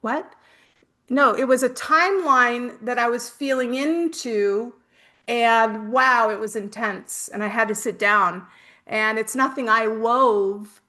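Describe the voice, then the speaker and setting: Bright-voiced middle-aged woman leading a workshop. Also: a little high. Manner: chatty anecdotal storytelling with casual swearing. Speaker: spiritual workshop host. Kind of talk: spiritual workshop talk.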